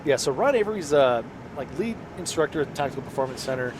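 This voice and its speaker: A man's voice: a little high, lively intonation, quick pace. Chatty man podcasting from a moving truck. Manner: chatty storyteller, loose with fillers. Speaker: podcast co-host. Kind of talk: casual chat. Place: inside a truck on the road in freezing rain. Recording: noisy car interior.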